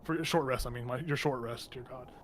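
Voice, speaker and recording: A man's voice: mid-range voice, fast talker, fairly bright tone, a little hiss or hum. A man running a tabletop game, narrating loosely with lots of fillers and laughs. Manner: rambling, laughing, many fillers. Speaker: game master.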